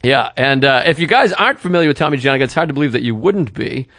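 A man's voice: medium pitch, lively intonation, quick pace, a bit bright, no room sound, clean studio sound. A man hosting a podcast, joking along with a guest's story and wrapping up the episode. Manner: jokey, riffs on the guest's story. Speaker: podcast host. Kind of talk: casual podcast banter.

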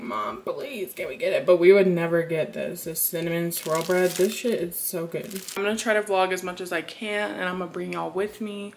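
A woman's voice: lowish voice, darkish tone, a little hiss or hum. A young woman vlogging at home in a casual, chatty way. She talks bluntly, swears freely and says "y'all". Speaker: lifestyle vlogger. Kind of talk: casual vlog chat. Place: at home indoors. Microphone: compact camera held close.

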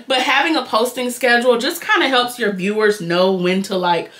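Young nasal Detroit woman, bright voice, quick chatty beauty-vlog delivery, calls viewers y'all. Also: fairly high pitch, fairly even intonation. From Detroit, Michigan. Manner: fast-talking, chatty, addresses viewers as y'all. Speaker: beauty vlogger. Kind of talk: casual chat while doing makeup.

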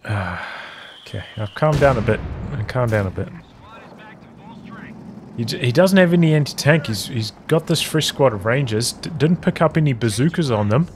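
A man giving rapid play-by-play commentary on a strategy game as its caster, with exasperated outbursts. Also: medium pitch. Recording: noisy game audio underneath. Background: game sounds: gunfire, artillery, vehicles.

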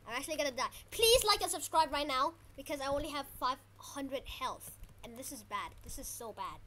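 A woman giving live gameplay commentary, excitable and panicky, shouting during fights and repeating words quickly when flustered. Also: high voice, slight background noise. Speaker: gaming channel host.

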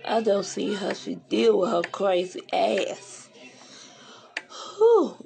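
A woman's voice: medium pitch, sing-song, takes it slowly, gravelly, warm tone. A woman ranting bluntly and profanely in a casual livestream, rambling from one complaint to the next.

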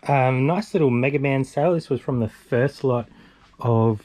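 With a mid-range, darkish voice at a moderate pace and slight background noise, this young Australian co-host of a reselling vlog walks casually through his eBay items. He's chatty, listing prices and sales matter-of-factly.

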